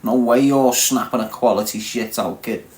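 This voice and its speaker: Brash and foul-mouthed, a Scouse man in his forties from Liverpool mocks his live-stream audience with crude humor. He speaks at normal speed in a typical middle male pitch.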